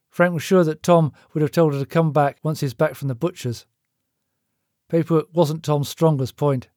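Man reading fiction aloud, steady, dry booth sound. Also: a little high, no room sound. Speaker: author and narrator. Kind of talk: scripted narration.

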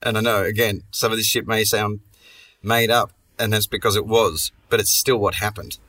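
A man's voice: lowish voice, steady tone, normal speed, pushed and bright, distant mic. A man hosting a comedy podcast, telling a long story in a rambling, sweary way and restarting his sentences often. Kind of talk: casual comic storytelling.

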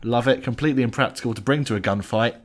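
A man's voice: medium pitch, very fast. A man co-hosting a podcast, running through a film's cast with dry, sarcastic quips in a casual chat. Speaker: podcast co-host. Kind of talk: casual film-review chat.

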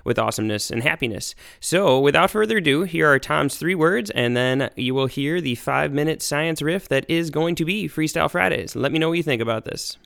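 An American man hosts his own science podcast, tumbling from one idea to the next with eager energy. His voice is clear and smooth and sits slightly high, and the words pour out fast. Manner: energetic, rambling, excitable. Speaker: podcast host. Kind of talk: enthusiastic casual science podcast.

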